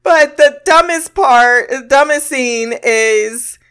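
A woman's voice: high voice, slow pace, a bit bright, smooth. A woman casually commenting on a film, swearing freely and laughing often. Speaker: reaction commentator.

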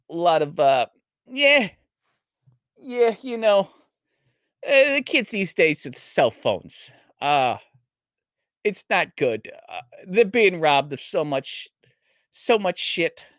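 Raised-voice impression of a gruff, grumbling comedian ranting, put on by a man. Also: sits high, big pitch swings, takes it slowly, pauses often, fairly bright tone, no room sound, clean studio sound, pitched above the performer's own voice, heavily acted. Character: blunt grumbling middle-aged male comedian impression.

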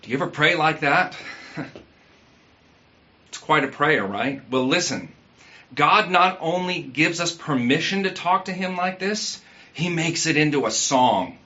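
A man's voice: on the high side, animated, unhurried, pauses often, sharp tone, dull audio. A man preaching a sermon in a conversational way, asking the congregation questions and using everyday fillers. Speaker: pastor.

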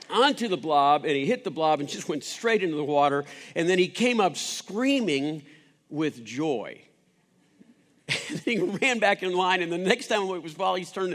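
A man with a fairly high voice tells a sermon-style story, circling back with restarts and fillers as he goes. His voice rings out with a long reverb, as if in a large hall. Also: fairly bright tone. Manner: rambling, with many restarts and fillers.

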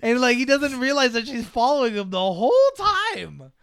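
Young guy, movie chat; bright, tense tone, rambling and profane. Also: very high voice, animated, moderate pace, creaky, clean tone, no echo. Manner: rambling, profane, full of "like" and laughs.

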